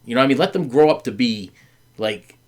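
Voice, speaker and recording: Speaking a little fast in an expressive mid-range voice, a middle-aged podcast host earnestly recounts a story to his wife. The talk is candid and full of fillers, stumbles and repeated words, and he performs the voices of those he quotes.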